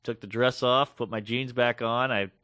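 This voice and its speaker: A man co-hosting a podcast, telling a long story in a casual, animated way and acting out the voices of the people in it. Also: medium pitch, normal speed, no room sound, clean studio sound. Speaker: podcast co-host.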